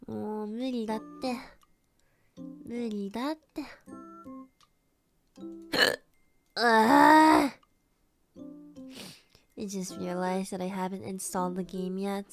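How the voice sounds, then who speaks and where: A woman streamer chatting casually while hiccuping, breaking off with gasps, yelps and flustered giggles. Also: medium pitch. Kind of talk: casual live-stream chat.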